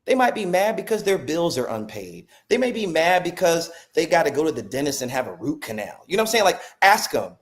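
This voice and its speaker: A man in a podcast conversation, talking in a reflective, animated way, with preacher-like repetition and acted quotes. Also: on the high side, fairly quick, few pauses. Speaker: podcast guest speaker.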